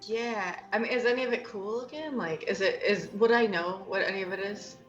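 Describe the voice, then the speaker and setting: A woman's voice: medium pitch, brisk. A woman playing in a tabletop game, chatting casually and hesitantly, often starting with um. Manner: hesitant, lots of ums and restarts, chatty. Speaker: player. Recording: roomy, slightly dull sound with faint music.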